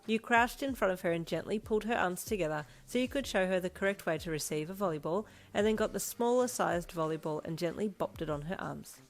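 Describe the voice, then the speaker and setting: A woman reading a second-person fanfiction story in a steady storytelling voice. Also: on the low side, brisk, hardly any pauses. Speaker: fanfiction narrator. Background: soft instrumental music.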